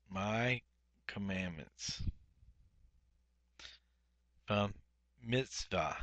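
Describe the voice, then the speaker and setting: Slow, bright-voiced male Hebrew teacher. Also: mid-range voice, no echo. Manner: deliberate, repeats each Hebrew word twice, frequent "uh" fillers. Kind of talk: workbook lesson, explaining grammar.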